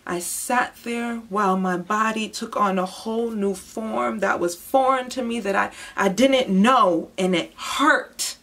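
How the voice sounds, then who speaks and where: A young woman giving an emotional personal testimony, moving between hushed, heavy moments and impassioned outbursts. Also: mid-range voice, unhurried, hardly any pauses. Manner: intense, swings from hushed to impassioned. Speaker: testimony speaker.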